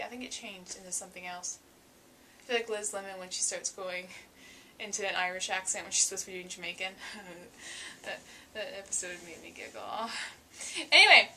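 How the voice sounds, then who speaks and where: A woman's voice: medium pitch, bright, forceful tone, a little hiss or hum. A young woman talking casually to camera in a vlog, chatty and self-mocking, with sudden dramatic bursts. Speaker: vlogger.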